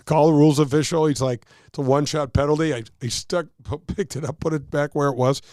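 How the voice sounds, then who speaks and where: A man's voice: a little high, brisk, dark tone, no room sound, clean studio sound. A man, a touring golf pro, explaining rules and telling stories in a casual chat, acting out quotes and laughing at himself.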